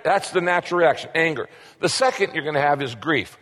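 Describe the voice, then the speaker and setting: A man's voice: fairly high pitch, animated, a little fast, fairly bright tone. Emphatic preacher man in a reverberant hall. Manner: emphatic, repetitive preaching with rhetorical questions. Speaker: pastor. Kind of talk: sermon.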